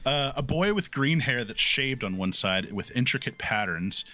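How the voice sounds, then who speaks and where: A man narrating as game master of a tabletop game, playful and animated. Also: mid-range voice, moderate pace.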